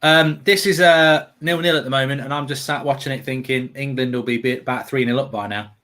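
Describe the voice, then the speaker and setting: A man's voice: medium pitch, fairly even intonation, brisk, a bit bright. A man hosting a live football watchalong, ranting animatedly and swearing freely. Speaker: host.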